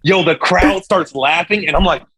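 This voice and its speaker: A young man with a husky, fairly high voice, talking as a guest on a casual interview show. He tells his story in a lively, slangy way and throws in sound effects. The feel is loose and conversational. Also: normal speed, rough recording. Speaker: guest, singer.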